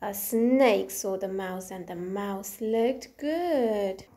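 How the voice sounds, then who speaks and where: A woman reading a picture book aloud to young children, expressive and deliberate. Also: mid-range voice. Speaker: nursery storyteller.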